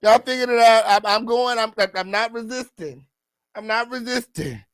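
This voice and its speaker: A man putting on the voice of an older man calmly giving himself up to arrest, in a camp, mocking sing-song. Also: very high-pitched, moderate pace, dry recording, pitched above the performer's own voice.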